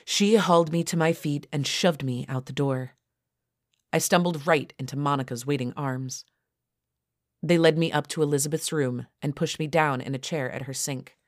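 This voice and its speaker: A woman narrating a first-person erotic story for an audiobook in a steady, even manner. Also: low voice, moderate pace, no echo, clean studio sound.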